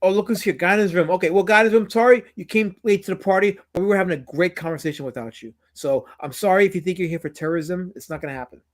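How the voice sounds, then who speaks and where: A man from New York hosting a casual chat show, rambling and animated, repeating his words. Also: high voice, very fast, hardly any pauses. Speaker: podcast host.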